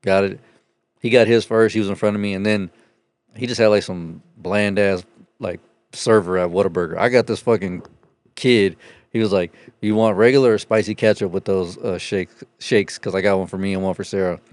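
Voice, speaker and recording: Low-voiced man telling crude stories. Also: fairly even intonation, brisk, no room sound. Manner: profane, laughing storyteller. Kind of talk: casual chat.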